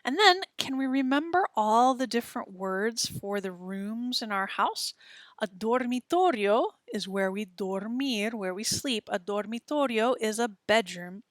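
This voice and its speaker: A woman teaching a children's language lesson, patient and encouraging, speaking slowly and clearly. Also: on the high side, animated, no echo, clean studio sound.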